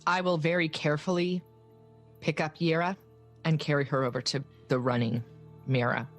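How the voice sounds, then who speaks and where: A woman's voice: low-pitched, flat delivery, moderate pace, faint music behind. A woman playing a tabletop game, talking in a blunt, firm way. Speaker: player. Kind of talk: tabletop role-play.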